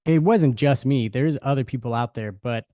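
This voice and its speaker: A man's voice: medium pitch, normal speed, dark tone, no echo, studio quality. A man co-hosting a sports podcast, rambling in a sheepish, confessional way. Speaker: podcast co-host. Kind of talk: casual sports podcast chat.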